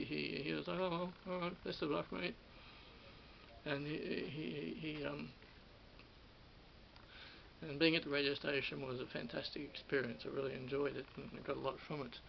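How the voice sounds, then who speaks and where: A middle-aged Australian man with a strongly gravelly, slightly high voice looks back on his radio days. He rambles and stumbles, restarting sentences and repeating words. The recording sounds dull and lo-fi, with a faint hiss underneath. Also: steady tone. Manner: halting, many restarts and repeated words, chuckling. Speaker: former radio studio producer. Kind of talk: rambling personal reminiscence.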